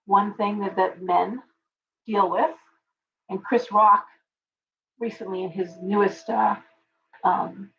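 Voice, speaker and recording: A woman's voice: medium pitch, distant mic. Rambling middle-aged woman, off-mic. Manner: rambling, chatty, greets viewers by name mid-thought. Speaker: tarot reader hosting a live stream. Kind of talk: casual live-stream chat. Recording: dull, lo-fi sound from off-mic.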